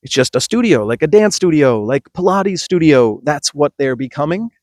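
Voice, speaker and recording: A man's voice: fairly high pitch, animated, moderate pace, a little mellow, dry recording, studio quality. A man, a yoga teacher, giving an emphatic, passionate podcast monologue with frequent restarts.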